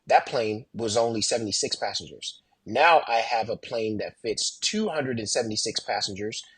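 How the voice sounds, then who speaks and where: A man with a husky, slightly breathy voice tells stories from his flying career on a podcast. He talks animatedly, swinging his pitch up and down to play the people he quotes. The sound is close and dry. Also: a bit bright, no room sound. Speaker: airline pilot, podcast guest. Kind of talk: casual storytelling in a podcast interview.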